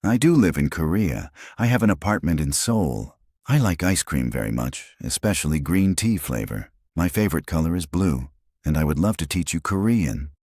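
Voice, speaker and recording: A man's voice: extremely low pitch, big pitch swings, moderate pace, a little mellow, dry recording, studio quality, exaggerated voice. A man voicing a reserved young father who speaks in a choked, earnest way in a storybook reading.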